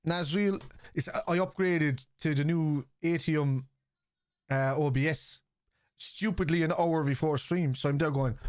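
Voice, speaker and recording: A slightly high male voice at a moderate pace, recorded dry in studio quality. The speaker is a chatty middle-aged man streaming a football watchalong, responding to play, reading chat messages out loud, and getting excited at match moments.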